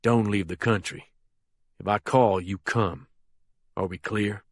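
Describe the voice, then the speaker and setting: A man reading as a menacing younger male crime boss, speaking low and quietly controlled in an audiobook. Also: fairly even intonation, takes it slowly, no echo, clean studio sound. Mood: cold.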